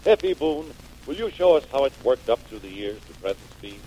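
A man's voice: mid-range voice, big pitch swings, fairly quick, warm tone, slight background noise, rough recording. A man narrating a scripted old-time radio segment in a declamatory announcer manner.

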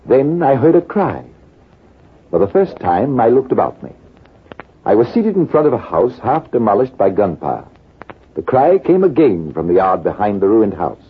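An actor playing a composed British army major telling a war story in a measured, deliberate way, in 1940s radio acting. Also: male voice, mid-range voice, breathy edge. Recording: tinny, lo-fi old radio broadcast.

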